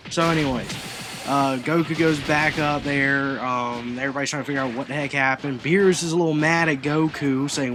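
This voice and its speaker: A man's voice: mid-range voice, fairly even intonation, brisk, noisy background. A man casually reviewing an anime episode, chatty and rambling, full of asides as he recaps.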